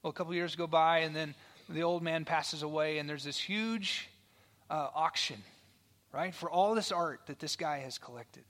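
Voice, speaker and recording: A male pastor preaching a sermon, telling a story in a conversational way with frequent "right?" asides, swinging from loud storytelling to a hushed near-whisper. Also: on the high side, moderate pace.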